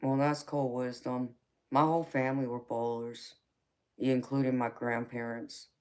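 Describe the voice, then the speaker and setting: A woman's voice: a bass voice, flat delivery, a little slow, a little mellow, clear, resonant tone. A middle-aged woman with a Southern US accent, hosting a casual live chat and calling viewers "baby" affectionately. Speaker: tarot reader and livestream host.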